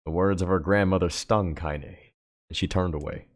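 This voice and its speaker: A man's voice: sits low, steady tone, moderate pace. A man reading a novel aloud on a live stream, stumbling and correcting himself now and then. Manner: occasional stumbles and self-corrections. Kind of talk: dramatic book reading on stream.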